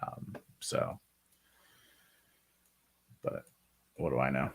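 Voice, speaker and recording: A man's voice: a bass voice, very slow, gravelly, breathy edge. A man co-hosting a casual sports podcast, blunt and emphatic, with casual swearing. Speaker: podcast co-host.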